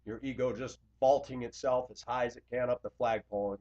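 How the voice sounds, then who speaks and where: A blunt, confrontational man delivers an impassioned confessional monologue to his viewers. He lurches from loud outbursts to quiet, low asides, his mid-range voice captured on a dull, lo-fi recording. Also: steady tone, a little fast. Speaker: Christian video blogger.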